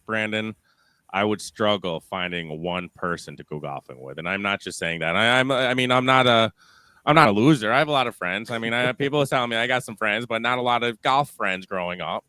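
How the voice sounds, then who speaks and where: A man hosting a podcast, talking in casual, excitable banter with some swearing and teasing. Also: on the low side, normal speed, clear, resonant tone, no echo. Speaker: podcast host. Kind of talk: casual chat.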